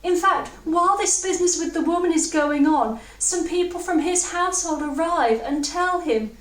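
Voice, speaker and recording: A woman from England preaching a sermon, reflective and earnest, slowing down to stress key words. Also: very high voice. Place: church hall. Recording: roomy, distant mic.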